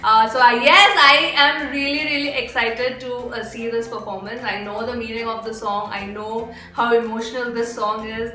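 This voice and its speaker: Gushing, excitable young woman from India. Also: on the high side, normal speed, hardly any pauses, roomy sound, soft background music. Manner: gushing, excitable, repeats herself, bursts into squeals. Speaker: K-pop reaction video host. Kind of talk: excited reaction video chat.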